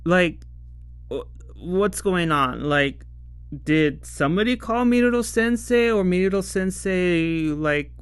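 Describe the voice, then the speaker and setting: A man's voice: on the high side, clean tone, no room sound. A man casually reviewing a TV episode, rambling and laughing often as he acts out the lines. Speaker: show reviewer.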